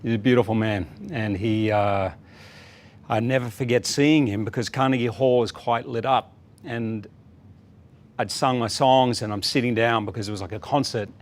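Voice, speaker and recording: A man's voice: medium pitch, normal speed. A man in his fifties from Australia with an Australian accent, a guest on a talk show telling a story in an easygoing, anecdotal way. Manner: warm anecdotal storytelling, acts out quotes. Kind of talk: casual talk show interview.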